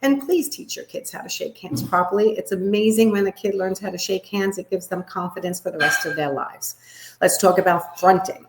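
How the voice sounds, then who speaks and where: A woman body language coach giving a live workshop, talking in a demonstrative way and shifting her pitch and volume to make her points. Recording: echoey room.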